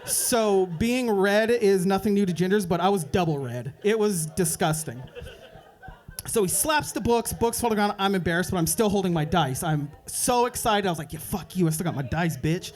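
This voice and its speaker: High-voiced young man doing stand-up. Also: animated, moderate pace. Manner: loose rambling storytelling with voiced asides. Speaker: stand-up comedian. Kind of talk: stand-up comedy set. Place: open mic comedy club.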